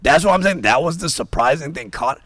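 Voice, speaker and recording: Man, casual chat, lively pitch, swearing, animated, dry close sound. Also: brisk, no room sound. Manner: animated, profane, storytelling.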